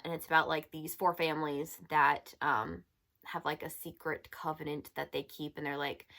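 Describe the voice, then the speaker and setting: A woman's voice: low voice, vocal fry, sharp tone. A young woman chatting casually as a book reviewer, exasperated and full of filler words. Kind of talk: casual chat.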